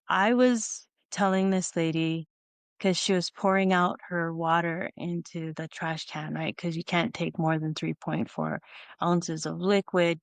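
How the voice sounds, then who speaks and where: Woman telling a rambling story, low-voiced. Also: no room sound. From Hawaii. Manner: storytelling, meandering with restarts. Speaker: podcast host. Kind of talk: casual solo podcast talk.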